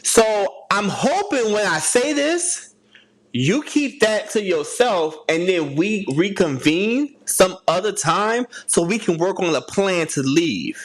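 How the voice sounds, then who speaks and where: A woman's voice: medium pitch, animated, slow. A woman co-hosting a podcast, dropping dry joking remarks into a casual film chat. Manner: dry joking interjections, laughs often. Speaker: podcast co-host.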